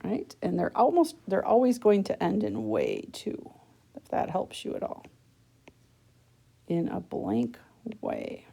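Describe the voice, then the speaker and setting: A woman's voice: on the low side, wildly swooping pitch, takes it slowly, creaky, pauses often, warm tone, slightly rough. A woman teacher patiently walking students through a worksheet, step by step, checking in with a frequent "okay?". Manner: talks students through each step of the task. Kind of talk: worksheet lesson recorded for students.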